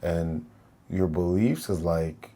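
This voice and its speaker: Deep, mellow male boxer. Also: slow pace. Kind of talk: casual chat.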